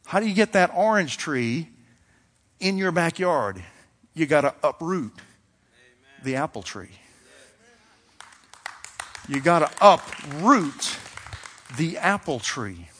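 A pastor with a higher-pitched, somewhat bright voice preaches a sermon in a conversational, storytelling style, acting out little dialogues along the way. A long reverb tail trails his words.

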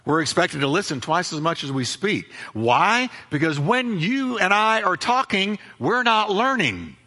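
A man's voice: sits high, very animated, unhurried, sharp tone, in a large hall. A man preaching a sermon as pastor, emphatic, repeating key phrases and acting out both sides of conversations.

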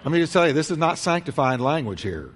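A pastor preaches a sermon from the pulpit in a slightly high voice that swings widely and animatedly up and down. He tells the story dramatically at a quick pace, growing loud and then dropping to a near hush. A long reverb fills the sound, like a large church.

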